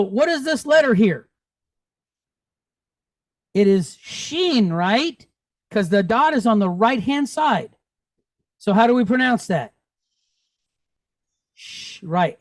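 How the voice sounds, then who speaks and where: Slow, patient man teaching. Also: very high-pitched, no echo. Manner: patient, checks understanding often; drills pronunciation aloud. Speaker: Hebrew teacher. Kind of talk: classroom teaching.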